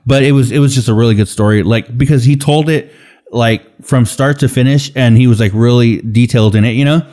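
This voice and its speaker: A man's voice: medium pitch, a little fast, warm tone. A man in casual podcast chat, rambling through a story with plenty of swearing. His voice sits in a middle register. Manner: rambling, swears freely, mimics others. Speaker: podcast co-host.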